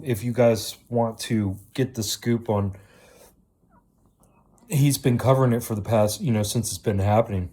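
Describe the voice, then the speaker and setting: A man talking to his viewers in a rambling casual monologue, halting often with ums and restarts, and swearing casually. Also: mid-range voice, dark tone. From Virginia, United States. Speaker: video creator.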